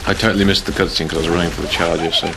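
Male let's play host, low voice, chatty and self-mocking, steady hiss behind him. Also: rapid-fire. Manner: rambling, self-mocking, jokey. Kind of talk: casual gameplay commentary.

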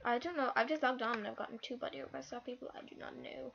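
A female host giving live gameplay commentary, excitable and easily frustrated, with lots of exclamations. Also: a little high, quick pace, vocal fry, lo-fi sound, a little hiss or hum. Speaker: gaming channel host.

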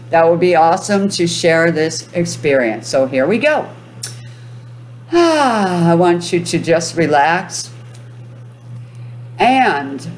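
A woman's voice: fairly low pitch, a little mellow, slight background noise. A woman coaching her viewers on manifestation, giving commands again and again and breaking into laughter. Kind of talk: motivational self-help talk to viewers.

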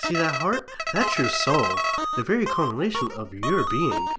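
A man voicing a fake-friendly, menacing flower creature in a squeaky falsetto. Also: big pitch swings, normal speed, over loud music, lightly acted. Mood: sweet.

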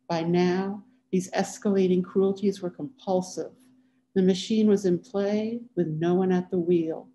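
Woman author, measured and deliberate literary reading, warm and dark. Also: fairly low pitch, slight background noise, rough recording. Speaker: author reading her fiction.

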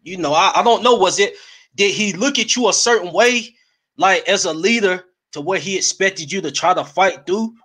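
A man hosts a casual podcast interview and asks loose, probing follow-up questions. His voice sits slightly higher than most men's. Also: moderate pace, bright, forceful tone. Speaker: podcast host.

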